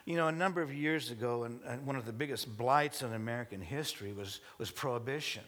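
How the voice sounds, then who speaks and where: A male pastor preaching to his congregation, halting with many restarts and light joking asides. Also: medium pitch, fairly bright tone. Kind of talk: sermon. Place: church service before a congregation.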